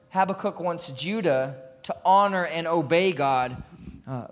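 Impassioned preacher in a reverberant hall. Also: male voice, sits high. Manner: impassioned, rising to loud cries, with asides and chuckles. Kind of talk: sermon.

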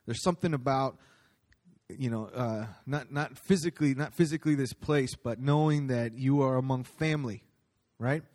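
A man's voice: medium pitch, normal speed, a little mellow. A man speaking at a church, giving a casual sermon in a conversational, storytelling way with many ums and restarts.

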